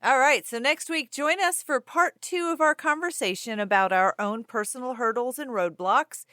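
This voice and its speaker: A woman co-hosting a podcast in casual chat, animated and playful, and quick to laugh. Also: sits high, no room sound, studio quality. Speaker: podcast co-host.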